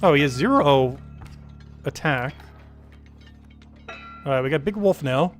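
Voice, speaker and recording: A man streaming a card game, thinking aloud about his moves and slowly reading out game text with many fillers. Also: on the high side, expressive, soft background music. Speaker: gaming streamer. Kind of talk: casual live-stream commentary.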